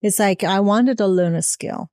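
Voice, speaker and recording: A woman's voice: medium pitch, moderate pace, dark tone, dry recording, studio quality. An American woman guest, a music coach, speaking earnestly and emphatically in casual interview chat. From United States.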